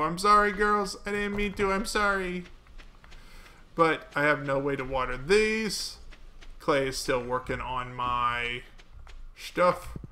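A man's voice: on the high side, sharp tone. A man casually narrating his farming game to viewers, chatty and playful. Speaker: gaming video host. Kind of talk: let's play commentary.

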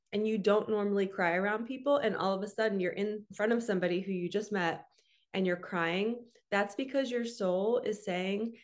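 A middle-aged woman speaking as a spiritual coach in a casual, earnest talk to camera. She chats freely and keeps adding "okay?" and "right?". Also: medium pitch. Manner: earnest, chatty, often adds "okay?" and "right?".

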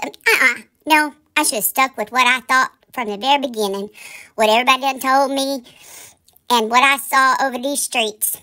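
Indignant high-voiced woman ranting. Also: pushed and bright. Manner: indignant, scolding, rhetorical questions. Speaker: commentary channel host. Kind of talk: heated commentary rant.

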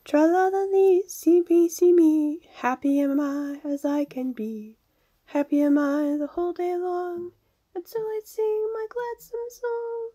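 A woman's voice: very high-pitched, slow, mellow, pitched above the performer's own voice. A woman voicing a joyful male songbird who sings a lilting little tune in a storybook read-aloud. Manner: sung, lilting.

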